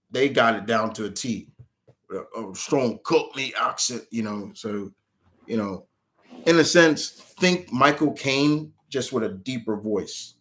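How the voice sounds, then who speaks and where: A man's voice: mid-range voice, a bit bright. A man streaming live, answering viewers' questions in a rambling, casual way with many restarts.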